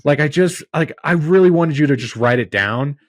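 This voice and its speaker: A man's voice: a little high, lively intonation, normal speed, no echo. A man hosting a podcast, telling long stories in a rambling, exasperated way during casual chat. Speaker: podcast host.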